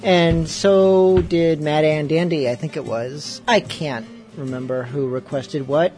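Slow chatty guy hosting a radio show, a bit tipsy, kinda high voice. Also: fairly even intonation, darkish tone, faint music behind. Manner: loose, offhand, chatty between songs. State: has been drinking rum. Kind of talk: casual rambling talk.

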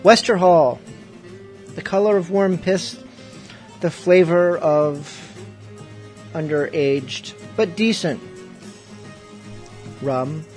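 A man's voice: fairly high pitch, very slow, long pauses, darkish tone, soft background music. A man hosting a pirate radio show, chatting loosely and offhandedly between songs after a few drinks of rum. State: has been drinking rum. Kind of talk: casual rambling talk.

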